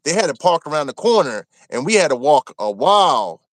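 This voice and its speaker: A man from Maryland telling a rough story from his time in prison, cursing freely and acting out what people said. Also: fairly high pitch, a little fast, no room sound. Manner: animated, profane, acts out quotes. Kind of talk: casual storytelling.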